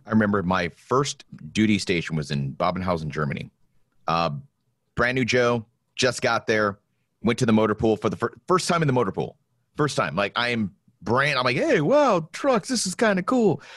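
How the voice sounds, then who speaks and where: Animated man telling stories. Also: moderate pace, no echo, clean studio sound. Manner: animated storyteller, acts out quotes in high voices. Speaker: podcast host. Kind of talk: casual conversational podcast.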